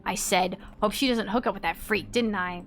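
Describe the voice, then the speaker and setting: A woman's voice: medium pitch, normal speed, natural voice. A woman voicing a crude, angry young male student while reading game dialogue aloud. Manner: aggressive, swearing.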